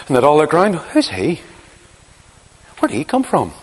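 A man's voice: fairly high pitch, wildly swooping pitch, moderate pace, slightly rough. Dramatic preacher man in a reverberant hall. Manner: dramatic storytelling, swings from hushed to crying out. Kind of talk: sermon.

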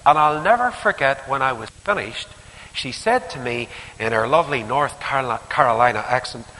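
A man preaching a sermon, telling a story in an animated way and acting out the conversations. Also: medium pitch, normal speed, a little hiss or hum. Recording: hall reverb with faint ambience.

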